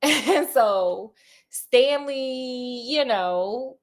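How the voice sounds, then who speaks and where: A woman retells a spooky novel in a loose, joking way, slipping in slang and asides to her listener. Her voice sits a little high for a woman, and she talks like she is chatting with a friend. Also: lively intonation, extremely slow. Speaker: storyteller. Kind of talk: casual retelling of a horror novel.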